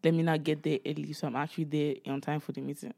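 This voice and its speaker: A young woman co-hosting a casual podcast chat, telling animated stories and acting out what people said. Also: sits low, fast talker, vocal fry, no room sound, studio quality. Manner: animated storytelling, acts out quoted dialogue. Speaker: podcast co-host.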